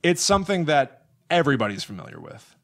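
A man's voice: a little high, sing-song, fast. A young man hosting a podcast in casual chat, rambling and joking with many "uh" fillers. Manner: rambling and jokey, with frequent "uh" fillers. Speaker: podcast host.

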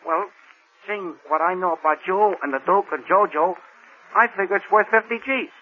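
An actor playing a cocky small-time hoodlum with rough grammar in a 1940s radio drama. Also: male voice, sits high, normal speed. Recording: dull old radio recording.

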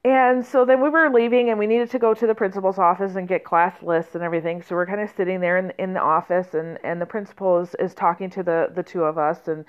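A woman trainer telling a personal story in a conversational way, with fillers and restarts and lively quoted speech. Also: fairly low pitch, fast talker, few pauses, clean tone, muffled recording. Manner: conversational, many fillers and restarts, animated quoting.

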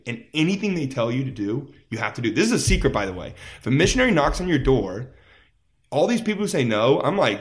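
A fast-talking man with a medium-pitched voice, a musician in his thirties, guests on a laid-back interview. He tells stories with animation, drops "like" constantly, and acts out quoted voices.

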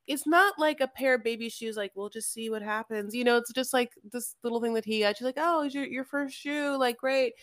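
A woman's voice: fairly high pitch, brisk, hardly any pauses. A woman co-hosting a podcast, recapping a reality show in a rambling, giggly way full of fillers. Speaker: podcast co-host.

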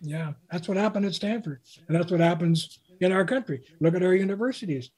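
A man's voice: sits high, lively intonation, a little fast, darkish tone, husky. An older man from Canada, a guest author, telling anecdotes in an interview and quoting people along the way. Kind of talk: interview storytelling.

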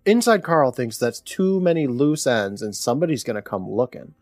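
Speaking at normal speed in a mid-range voice, a male podcast co-host recounts a horror episode with lively, joking energy and plenty of laughter. The recording is dry.

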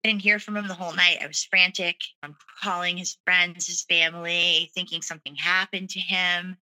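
She sits on the low side and speaks at normal speed with a level tone, sounding pushed and bright. As a guest, she earnestly and candidly recounts her personal story with many "you know"s and "like"s. The audio quality is poor.

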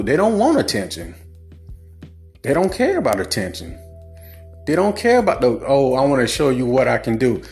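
A man's voice: mid-range voice, darkish tone. A man, lecturing bluntly and repetitively in a casual monologue full of rhetorical questions. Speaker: commentator on relationships.

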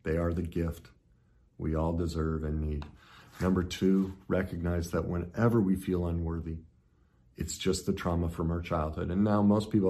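A middle-aged man telling a personal story in a motivational talk, swinging between loud intensity and hushed reflection. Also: low-pitched, level tone, moderate pace. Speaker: motivational speaker.

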